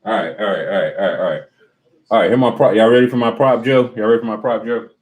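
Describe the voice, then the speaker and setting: A man casually chatting with his livestream viewers, joking around and breaking into quick impressions. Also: fairly low pitch, steady tone, darkish tone, slightly rough.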